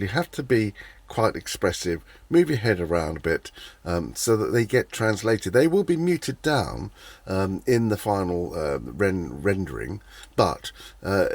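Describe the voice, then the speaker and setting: A man's voice: lowish voice, slightly rough, no room sound. A man giving a casual tutorial, hesitating often with fillers and restarts. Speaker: tutorial creator.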